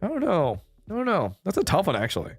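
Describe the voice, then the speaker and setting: A man's voice: high voice, huge pitch swings, fast, slightly rough. A man streaming a casual chat, laid-back and swearing casually, with faint music behind him. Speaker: VTuber streamer.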